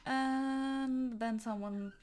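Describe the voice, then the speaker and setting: A woman's voice: sits high, steady tone, very slow, a little mellow, faint music behind. A young woman from Sweden with a Swedish accent, chatting casually and rambling while she draws, with stutters, often dropping to a murmur. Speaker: artist vlogger.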